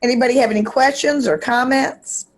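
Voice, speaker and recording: A woman's voice: sits high, fairly quick. A woman hosting a meeting on a video call, thanking the speaker and making announcements in a chatty way. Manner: friendly, chatty, with fillers. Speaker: host. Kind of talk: casual meeting chat.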